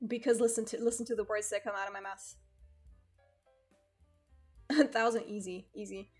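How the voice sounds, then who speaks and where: A woman's voice: a little high, steady tone, normal speed, pauses often, soft background music. A young woman streaming from home, chatting casually, laughing often and swearing freely. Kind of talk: casual chat.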